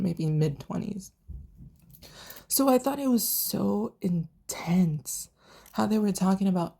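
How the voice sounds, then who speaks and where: A young woman chats through her thoughts on a TV show, swearing freely and slipping into the characters' lines as she retells scenes. She talks slowly, and her voice has a dark, mellow tone. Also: fairly low pitch. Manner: chatty, profane, animated retelling with quoted voices. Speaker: TV reviewer. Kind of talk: casual vlog recap.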